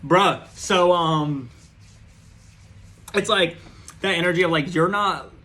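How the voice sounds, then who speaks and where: A tarot reader gives a casual reading in a high, sharp voice at a slow pace. His talk is loose and profane, with frequent swearing, many fillers and restarts.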